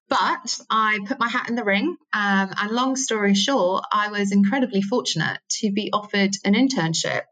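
A woman's voice: mid-range voice, moderate pace, few pauses, a bit bright, poor audio. A woman in her thirties from England, a sports marketing director answering interview questions in a chatty way, with frequent ums and self-corrections. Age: 30s.

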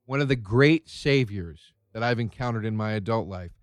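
A man from Philadelphia hosting a podcast, telling a story in an animated, casual way and swearing freely. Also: on the low side, moderate pace, dry recording, studio quality. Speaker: podcast host. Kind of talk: casual chat.

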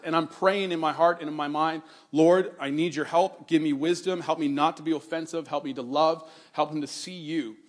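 Speaking in a fairly high-pitched male voice, a pastor shares a personal story conversationally during an earnest sermon, slowing his pace to emphasize the key points.

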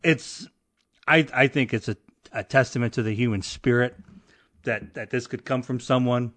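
A man's voice: medium pitch, normal speed, a bit bright, no room sound. A man hosting a casual podcast chat, joking in a dry way.

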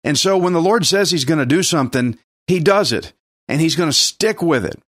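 Male preacher, slightly high voice, plainspoken and conversational when explaining scripture, dry close sound. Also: lively intonation, brisk, no echo. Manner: conversational, plainspoken, asks the listeners questions. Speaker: pastor. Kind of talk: expository Bible teaching sermon.

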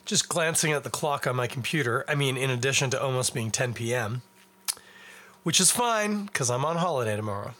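A young man with a Canadian accent and a bright, forward tone talks at a middling pitch. He hosts a podcast alone and chats in a loose, rambling way, poking fun at himself as he goes. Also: lively intonation, brisk. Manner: rambling, self-deprecating, chatty while eating and drinking. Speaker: podcast host. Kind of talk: casual solo podcast chat.

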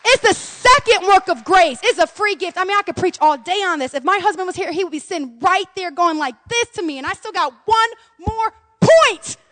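A middle-aged woman pastor preaching an impassioned sermon, swinging between loud cries and hushed, intimate tones. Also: extremely high pitch, lively intonation, brisk, few pauses, no room sound, a faint crowd.

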